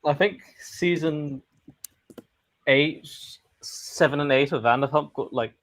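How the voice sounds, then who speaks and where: A young man in a casual online chat, halting and searching for his words as he talks through wireless earbuds. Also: fairly high pitch, a bit bright. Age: young adult.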